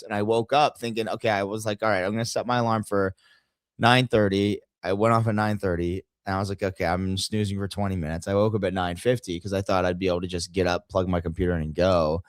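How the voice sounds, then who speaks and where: With a fairly low voice and studio-quality sound free of room tone, a man hosts a podcast, cracking up at his own jokes while spinning crude stories in a casual conversation.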